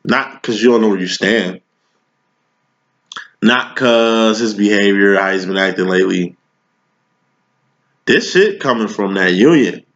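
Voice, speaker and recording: On a dull lo-fi recording, a tarot reader with a lowish, slightly bright voice gives a casual reading. He takes his time, leaves long pauses, and mixes slang with preaching, forever asking "you know what I'm saying."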